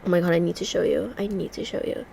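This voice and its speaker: Her voice is lowish, quick, creaky, mellow and husky, with a congested edge. She's vlogging from a room at home beside a heater, casually rambling through stories as she works on a puzzle.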